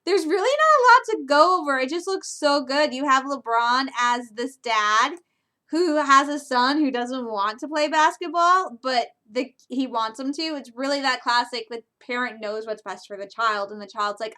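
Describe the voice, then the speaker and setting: A woman in her twenties from Michigan gushing casually about a movie trailer in a reaction video, excitable and quick to laugh. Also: sits high. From Michigan, USA.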